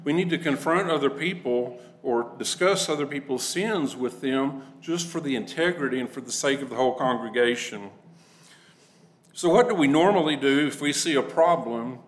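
A man's voice: mid-range voice, fairly bright tone, rough recording. Guy giving a bible class, talks plain and casual, does little voices for the people he quotes. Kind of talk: conversational Bible lesson.

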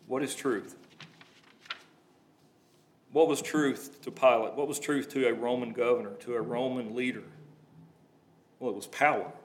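Guy preaching through a bible passage, reads then chats about it, mid pitched voice. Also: steady tone, a little slow, pauses often, a little hiss or hum. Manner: reads verses then breaks into plain conversational asides. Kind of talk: sermon, reading scripture and explaining it.

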